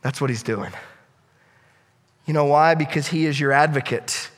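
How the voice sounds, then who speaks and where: A male preacher delivers an impassioned sermon in a high, bright voice. He swings between loud, ringing appeals and hushed, intimate lines. His voice carries a long reverb, as in a large hall. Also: normal speed. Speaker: pastor.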